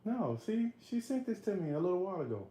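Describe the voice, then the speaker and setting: Quiet man in his fifties, heard from across a room. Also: sing-song, fast talker. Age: 50s. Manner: low-key, quiet, brief answers. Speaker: host's husband. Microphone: phone held by someone else, off at a distance. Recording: roomy, distant phone audio with faint rumble.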